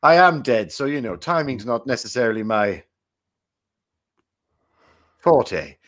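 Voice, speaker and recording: A man's voice: medium pitch, lively intonation, unhurried, a bit bright. A man doing a jovial old dead game-show host. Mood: chummy. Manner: chummy, rambling, self-mocking banter. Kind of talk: comic improvised game show.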